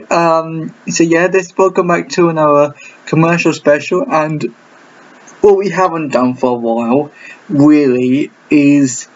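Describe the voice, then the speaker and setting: A man hosting a casual reaction video. He rambles, repeats himself and restarts halting sentences, and his voice sounds a little off today. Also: fairly high pitch. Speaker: reaction channel host. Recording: dull lo-fi with faint noise.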